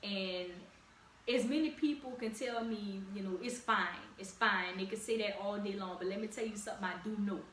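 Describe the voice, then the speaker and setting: A woman's voice: mid-range voice, normal speed, a bit bright. A young woman with a Louisiana accent, hosting a podcast in a direct, encouraging, casual way with slang. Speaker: podcast host. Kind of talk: casual solo podcast talk. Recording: echoey room, distant mic, faint ambient noise.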